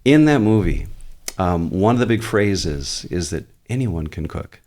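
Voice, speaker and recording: This notably low-voiced male pastor speaks at a measured pace during a relaxed podcast interview. He reasons out loud, circling back to restart points as he explains at length, earnest and conversational with a bit of easy humor.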